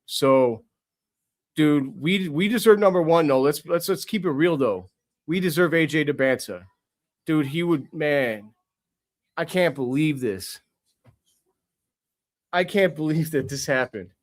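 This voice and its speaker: A young man streaming a live sports reaction, overjoyed and swearing freely. His voice sits a little higher than most men's, and he circles back to the same exclamations again and again. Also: expressive, measured pace, pauses often. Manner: euphoric, swearing, repeating himself. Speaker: sports podcast host.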